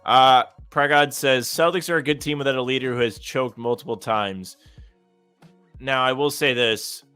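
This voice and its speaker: A young man co-hosting a live sports talk show, talking in a calm, measured way with dry teasing. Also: medium pitch, clean tone, no room sound, soft background music. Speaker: podcast co-host.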